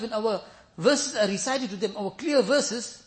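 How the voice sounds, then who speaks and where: A man's voice: sits high, unhurried. A man preaching a sermon, telling scripture stories with emphatic repetition and breaking into chanted Arabic verses. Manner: lively storytelling, mixes in chanted Arabic verses; emphatic, repeats phrases for stress.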